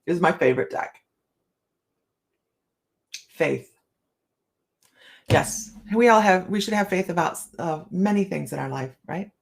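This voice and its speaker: A woman's voice: on the low side, animated, measured pace, creaky, long pauses. A middle-aged woman hosting a casual live chat, reading cards and talking to viewers by name, laughing often. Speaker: livestream host reading tarot cards.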